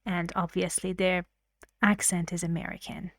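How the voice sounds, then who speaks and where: A woman's voice: on the low side, level tone, moderate pace, no echo, studio quality. A woman teaching an English intonation lesson, explaining clips and repeating phrases to model how they rise and fall.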